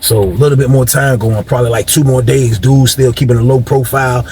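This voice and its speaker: A man's voice: mid-range voice, fairly even intonation, fairly quick, darkish tone. A man casually telling a long story in a rambling, slangy way, addressing his listeners directly.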